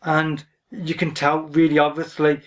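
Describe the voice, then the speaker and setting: A man's voice: fairly high pitch, monotone, a little slow. A man vlogging about books in a casual, rambling way, reserved in manner. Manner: reserved, rambling, often says "frankly". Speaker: book vlogger. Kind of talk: casual talk to camera. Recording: voice a bit distant from the mic.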